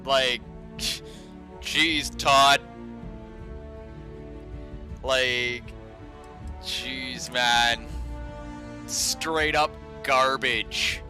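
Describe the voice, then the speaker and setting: Slow, sarcastic ranting male streamer. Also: medium pitch, steady tone, sharp tone, faint music behind. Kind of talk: ranting live game stream.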